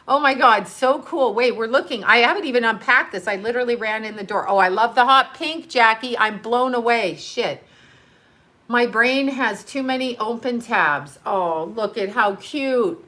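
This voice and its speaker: A middle-aged woman chatting live on stream with a bright, forceful voice, set a little high for a woman. She gushes and laughs often, audibly breathing heavily between bursts of excitement. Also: normal speed. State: heavy breathing. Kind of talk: casual live-stream chat.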